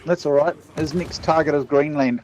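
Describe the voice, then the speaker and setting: A man making dry, quick quips while chatting during a game. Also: fairly high pitch, steady tone, a little mellow. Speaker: fellow gamer. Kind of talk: casual gaming chat. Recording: dull lo-fi line with faint noise.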